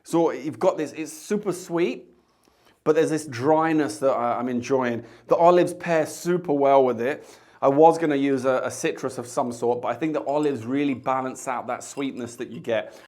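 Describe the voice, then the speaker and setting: A man with a medium-pitched, slightly mellow voice hosts a cocktail tasting as a bartender. He chats casually to the camera, tossing in jokey asides.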